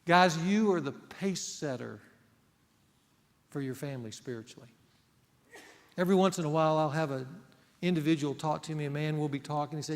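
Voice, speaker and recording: A male pastor delivers a sermon with earnest emphasis, pressing hard on key words and then dropping to a near hush. His voice sits on the high side for a man. It rings out with a long reverb, as if it fills a large church sanctuary. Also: lively intonation, a little fast. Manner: earnest, emphatic preaching that swings between loud and hushed.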